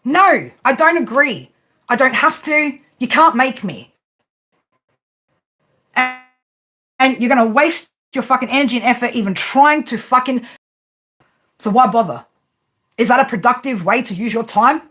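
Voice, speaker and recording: A woman who reads tarot rants unscripted on her stream in a high, slightly bright voice, animated yet unhurried, with long pauses. She swears freely, stays combative, and keeps firing rhetorical questions followed by "right?".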